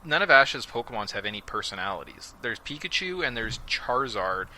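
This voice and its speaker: A man hosting a casual podcast, recapping episodes with sarcastic, animated storytelling and mocking quoted voices. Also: medium pitch, brisk, poor audio. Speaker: podcast host.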